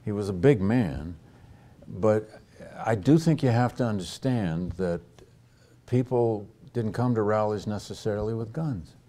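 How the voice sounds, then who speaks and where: A man's voice: on the low side, a little slow, dark tone. A male historian answering audience questions at a lecture, thinking aloud with frequent hesitations and restarts.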